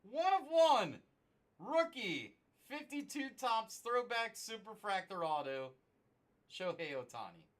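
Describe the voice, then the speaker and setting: A man hosting a live card break stream, shouting excited hype as cards are pulled. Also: sits high, takes it slowly.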